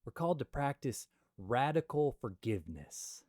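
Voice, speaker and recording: A young man hosting a comedic Bible commentary, joking with loud asides and quiet mutters. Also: medium pitch, animated, moderate pace, no echo, clean studio sound. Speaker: Christian video host.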